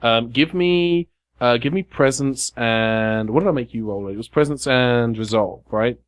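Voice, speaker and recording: A man running a tabletop role-playing game as game master, describing scenes with frequent fillers and pauses. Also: mid-range voice. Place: game cafe.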